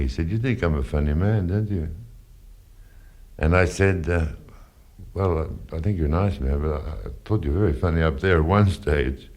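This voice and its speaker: A former radio presenter tells a story in an interview, earnest and self-deprecating. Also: male voice, very deep voice, darkish tone. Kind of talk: reminiscing in an interview.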